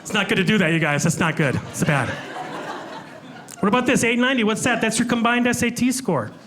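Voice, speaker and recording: On a comedy club stage before a live audience, a man with a high-pitched, expressive voice does a brisk stand-up set, chatting with the crowd and making fun of himself. Background noise and crowd ambience from the live room can be heard.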